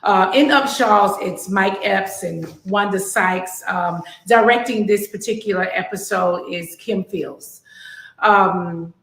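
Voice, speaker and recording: A woman telling a personal story to camera in a measured way, with filler words, recorded with a roomy echo. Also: mid-range voice, gravelly, a bit bright.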